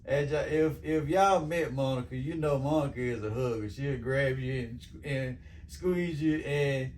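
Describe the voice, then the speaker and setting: A man co-hosting a couple's vlog with his wife, an animated storyteller who acts out quotes and laughs often. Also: medium pitch, unhurried. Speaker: vlogger, co-host with his wife. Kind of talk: casual couple chat. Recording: distant mic with faint background noise.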